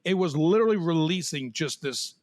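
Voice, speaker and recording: A man hosting a podcast, animated and laughing as he tells a long story among friends. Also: on the high side, fairly quick. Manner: animated, swears, laughs while telling stories. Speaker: podcast host. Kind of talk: storytelling in casual chat.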